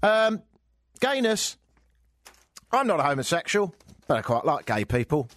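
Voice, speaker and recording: Sarcastic English radio host, lively pitch. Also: male voice, unhurried, no room sound. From England. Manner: sarcastic, joking. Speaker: radio talk show host. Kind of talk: talk radio monologue. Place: radio studio. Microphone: studio microphone.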